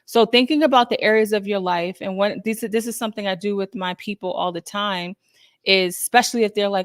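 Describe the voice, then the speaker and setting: A woman's voice: medium pitch, fairly even intonation, fairly quick, no room sound. Upbeat woman therapist, dry close sound. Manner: conversational, upbeat, acts out quoted thoughts. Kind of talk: casual self-help talk.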